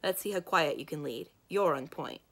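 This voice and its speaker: Big gruff knight guy, wry, woman reading, low voice, storybook. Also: animated, normal speed.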